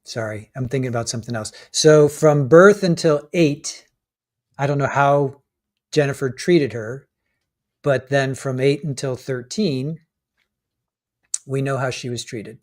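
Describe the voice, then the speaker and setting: A man's voice: medium pitch, unhurried, pauses often, a little mellow. Man, co-host, casual live commentary, hesitant, restarts mid-sentence. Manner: hesitant, restarts often, chuckles while reading out legal points.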